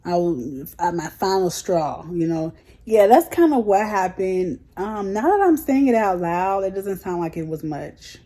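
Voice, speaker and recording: A woman's voice: mid-range voice, animated, a little slow, mellow. A young adult woman telling a story to her viewers in a casual, frank way, full of slang. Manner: chatty, frank, heated retelling with slang. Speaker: vlogger.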